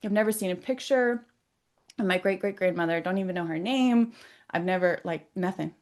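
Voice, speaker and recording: A woman, a psychic and energy healer, telling a personal story in an animated, chatty way, full of casual fillers and dropping quiet for intimate moments. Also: on the low side, brisk.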